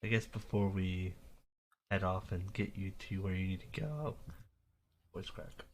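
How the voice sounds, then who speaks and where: A man playing a tabletop game in character, speaking hesitantly with many pauses and fillers. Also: low voice, little pitch movement, a little hiss or hum. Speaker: player.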